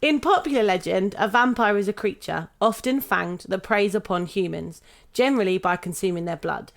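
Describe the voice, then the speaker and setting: A young British woman hosting a podcast, reading a prepared script in a steady, measured way. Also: mid-range voice, creaky. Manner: steady, measured reading, laughing now and then. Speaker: podcast host.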